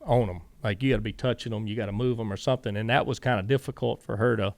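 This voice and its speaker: Appearing as a guest in a casual storytelling interview, a middle-aged Southern man who used to be a racing crew chief rambles through long stories, quoting himself and others. He talks fast in a lowish, steady, slightly mellow voice, with no echo on the recording.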